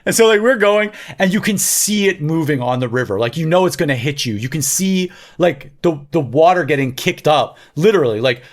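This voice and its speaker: A man in his thirties telling a story in a casual podcast chat, full of fillers and loud acted-out quotes. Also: a little high, fairly quick, hardly any pauses. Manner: animated storytelling with frequent filler likes, shouting quoted lines. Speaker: podcast co-host.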